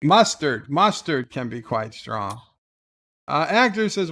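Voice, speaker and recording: A man hosting a livestream, reading live chat comments aloud in a laid-back, halting way with frequent "uh"s before each comment. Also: a little high, expressive, sharp tone. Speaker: livestream host.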